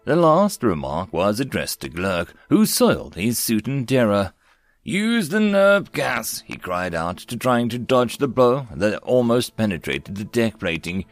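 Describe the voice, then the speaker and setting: Low voiced guy reading sci-fi stories, really animated delivery, faint music under it. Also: normal speed, few pauses, no room sound. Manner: expressive, varied storytelling. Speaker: story narrator. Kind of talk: scripted narration of science fiction stories.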